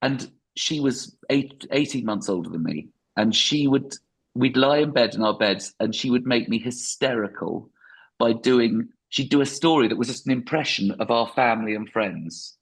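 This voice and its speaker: Stand-up guy on a podcast, husky voice, rambly and reflective. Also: medium pitch, moderate pace. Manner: reflective, chatty, frequent restarts. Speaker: stand-up comedian, podcast guest. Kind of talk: podcast interview.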